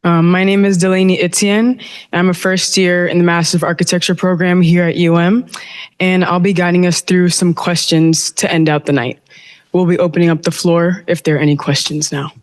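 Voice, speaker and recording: A young adult architecture student moderating the question session after a lecture, speaking in a measured, even way. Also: medium pitch. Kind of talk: event moderation.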